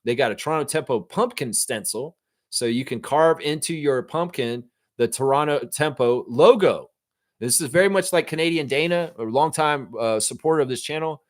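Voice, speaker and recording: A man's voice: a little high, moderate pace. Casual, swearing male stream host. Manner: loose, swears freely, reads viewer comments aloud. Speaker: host of a fan live stream. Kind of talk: casual live-stream chat.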